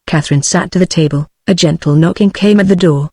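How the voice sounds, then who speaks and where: A woman's voice: lowish voice, fast, few pauses, slightly rough, no room sound, clean studio sound. British synthetic woman reading a novel. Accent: British English. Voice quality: even, machine-like delivery. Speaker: audiobook narrator.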